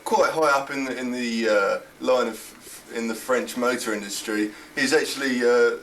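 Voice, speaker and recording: A man's voice: medium pitch, normal speed, fairly bright tone, a little hiss or hum. A teenage boy playing a mock-formal chat show host in an improvised spoof, often breaking into laughter. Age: teens. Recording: home video from far off.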